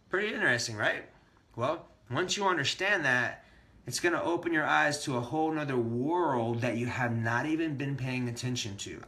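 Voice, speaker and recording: Man, bright and punchy, motivational coach streaming live to his viewers. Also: mid-range voice. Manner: energetic and motivational, addresses viewers directly. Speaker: self-help coach. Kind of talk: live-streamed training talk.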